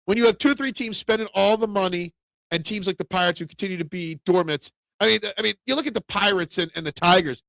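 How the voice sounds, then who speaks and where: A man hosting a casual sports talk show, opinionated and animated, raising his voice when he rants. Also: high-pitched, fast talker, gravelly, no room sound. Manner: opinionated, animated, gets loud when ranting.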